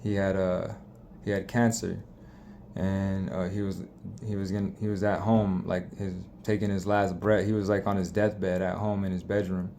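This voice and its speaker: A man's voice: low voice, flat delivery, normal speed, mellow, slight background noise. A young man casually telling a story, profane and rambling, with frequent restarts.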